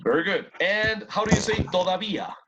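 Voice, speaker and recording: The recording is muffled and full of heavy background noise as a high-pitched, expressive man teaches an online English class at a fairly quick pace. He's a supportive bilingual teacher whose first language is Spanish, and he alternates languages and drills words by repetition.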